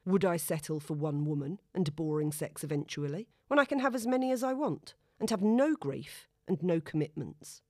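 A woman's voice: deep voice, animated, moderate pace, few pauses, darkish tone, dry recording, clean studio sound. A woman voicing a cocky, smug young male lawyer in a storybook reading. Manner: smug, self-assured.

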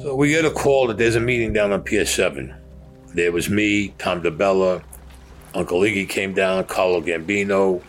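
A man's voice: deep voice, normal speed, faint music behind. A man recounting a personal story in a blunt, profane, street-talk way. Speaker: interviewee.

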